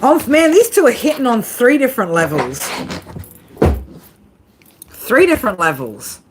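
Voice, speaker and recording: A woman's voice: a little high, huge pitch swings, unhurried, slight background noise. A woman giving a casual tarot reading to her viewers, swearing freely, laughing often and talking straight to them. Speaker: tarot reader.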